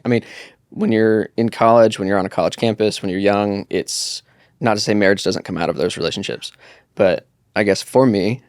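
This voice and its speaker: Low-voiced reflective man in a dry room. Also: dry recording. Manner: reflective, halting with fillers. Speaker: guest. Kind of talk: casual podcast chat.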